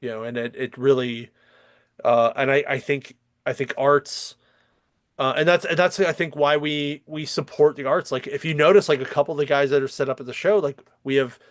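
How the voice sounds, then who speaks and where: A man's voice: mid-range voice, steady tone, moderate pace, dry recording, clean studio sound. A man hosting a comics podcast, chatting casually in a rambling, profane way with lots of fillers and restarts. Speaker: podcast host. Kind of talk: casual chat.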